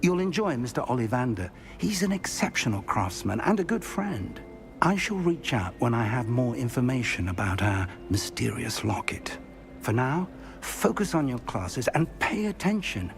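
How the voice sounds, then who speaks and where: Warm-mannered mentor professor, measured, lively intonation, ambient hiss under the game audio. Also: male voice, medium pitch, gravelly. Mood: advising. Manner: measured, fatherly, advising. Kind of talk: video game dialogue.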